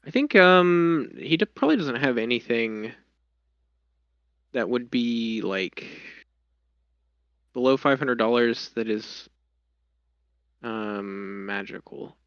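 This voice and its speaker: A man running a tabletop game as game master, narrating slowly. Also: medium pitch, expressive, no echo. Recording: dull lo-fi sound.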